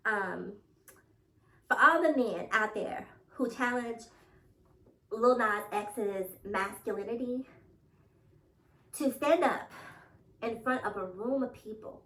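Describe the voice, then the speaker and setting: A woman's voice: fairly high pitch, bright, forceful tone. A woman vlogger giving casual reaction commentary, emphatic and chatty, laughing between her points. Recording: roomy sound from a distant mic.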